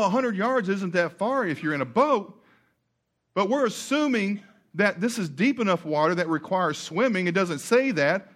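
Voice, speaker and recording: High-voiced storytelling pastor. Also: male voice. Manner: storytelling, animated, jokes with the congregation. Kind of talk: sermon.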